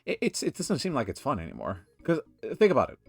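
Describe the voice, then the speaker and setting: A man's voice: medium pitch, wildly swooping pitch, fast talker, gravelly, no echo, faint music behind. A man giving casual gameplay commentary, rambling and ranting in exasperation. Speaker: let's play commentator.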